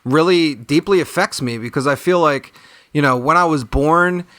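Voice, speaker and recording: Bright-voiced rambling comedy panelist. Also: male voice, on the high side, normal speed, no echo. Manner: rambling, deadpan absurd jokes. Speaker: podcast panelist. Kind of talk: comedy improv podcast.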